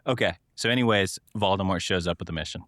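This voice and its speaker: Young man, lowish voice, dry close sound, chatty podcast co-host, laughs a lot. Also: fast, fairly bright tone, no echo. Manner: chatty, laughs often, acts out quotes in exaggerated voices. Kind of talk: casual podcast chat.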